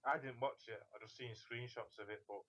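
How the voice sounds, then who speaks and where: A man co-hosting an online talk show, blunt and ready with opinions. His voice sits at a middling pitch. It comes through dull and lo-fi, like compressed internet audio. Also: fairly even intonation, fairly quick, a bit bright. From Britain. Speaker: co-host. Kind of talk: casual chat on an internet radio show.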